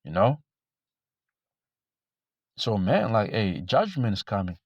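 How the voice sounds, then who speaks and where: A man preaching informally to camera, blunt and profane, repeating himself and reading scripture slowly. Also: on the low side, very animated, no room sound, dull audio. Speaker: religious teacher.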